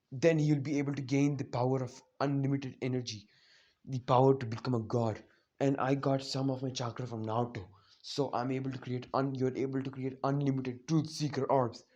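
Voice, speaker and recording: A man's voice: medium pitch, a little mellow, highs cut off. A man casually retelling a fan story, rambling with many "you know, like" fillers.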